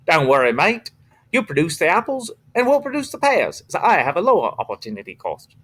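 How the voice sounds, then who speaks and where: Brief: relaxed Australian bloke, reassuring, pitch leaping high, played by a man. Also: fairly quick, slightly rough, heavily acted. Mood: breezy. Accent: put-on Australian. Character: easygoing Australian man nation.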